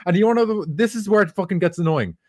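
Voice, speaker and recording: A young man, co-hosting a podcast and ranting excitedly with plenty of swearing. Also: sits high, quick pace. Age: young adult. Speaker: podcast co-host. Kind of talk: casual chat.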